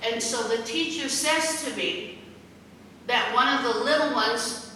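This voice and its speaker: A woman's voice: on the high side, a little slow, sharp tone, a little hiss or hum. A middle-aged woman giving a heartfelt, folksy talk as a guest speaker, slipping into the voices of the people she quotes. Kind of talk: storytelling speech. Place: large meeting hall. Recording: echoey hall from far off.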